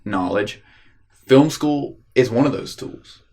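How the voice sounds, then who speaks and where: A young man co-hosting a casual filmmaking podcast, laid-back and quick to agree. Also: medium pitch, lively intonation, a little mellow. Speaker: podcast co-host.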